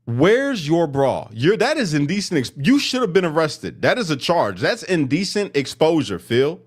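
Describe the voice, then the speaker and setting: A man reacting to clips with heavy sarcasm and blunt mockery. His voice sits a bit high and swings up and down with lively emphasis. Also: normal speed, slightly rough. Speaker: commentator reacting to protest clips.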